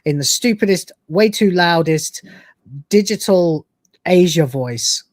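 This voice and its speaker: A man's voice: high voice, animated, slow pace, no echo, studio quality. A man hosting a casual livestream, joking crudely while reading out donations, his throat still sore from being sick. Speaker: livestream host.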